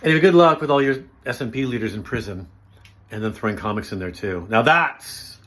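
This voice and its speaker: A middle-aged man, a stand-up comedian, delivering a sardonic comic monologue with campy, self-mocking, deadpan sarcasm. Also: medium pitch, a little fast.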